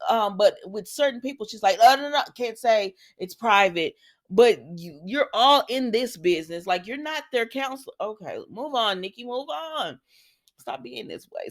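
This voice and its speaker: A woman's voice: mid-range voice, fairly bright tone. Brief: woman, casual soap recap vlogger, opinionated, chatty, lots of ums and you-knows. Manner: chatty, opinionated, frequent fillers like um and you know. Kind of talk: casual episode recap with commentary.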